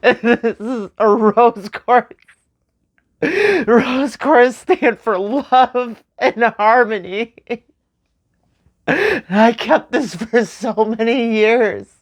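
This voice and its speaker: Slow, tearful woman vlogger. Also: fairly high pitch. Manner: slow, emotional, tearful with nervous laughs. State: crying. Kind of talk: personal memorial vlog.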